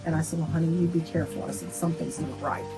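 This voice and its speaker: A middle-aged woman, a little low in pitch, retelling events in an interview. She talks plainspoken and direct and quotes what each person said. Music is clearly audible behind her. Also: steady tone, very fast, low-quality recording. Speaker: mother of a murder victim, interviewee.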